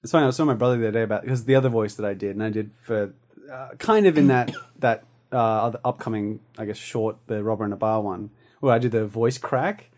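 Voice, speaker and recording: A man co-hosting a podcast in casual chat, animated and jumping into silly voices. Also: fairly low pitch, fast. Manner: animated, breaks into silly character voices and laughs. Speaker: podcast co-host.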